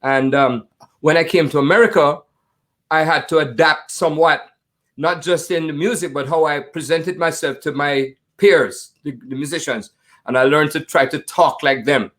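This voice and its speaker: An older man from Jamaica with a Jamaican accent, a jazz pianist telling stories of his life as an interview guest, with good humor and slow, drawn-out phrasing. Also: a little high. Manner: warm-humored, laughs often, drawn-out phrasing. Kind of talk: storytelling in conversation.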